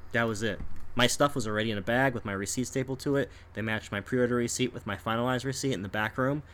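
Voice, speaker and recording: Talking fast at medium pitch, this man tells an energetic story in casual conversation. He laughs a lot and performs the voices of the people he's quoting.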